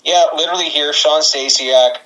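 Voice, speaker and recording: A man's voice: a little high, fairly even intonation, moderate pace, sharp tone, rough recording. A man co-hosting a casual podcast, rambling and sarcastic, swearing and laughing as he talks. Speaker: podcast co-host. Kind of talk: casual wrestling podcast chat.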